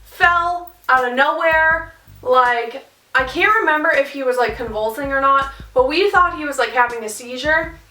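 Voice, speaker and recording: A young woman telling a casual storytime vlog, animated and full of swearing and fillers. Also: high-pitched, moderate pace, recorded from a distance, faint music behind. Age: young adult. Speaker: vlogger. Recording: roomy sound, off-mic.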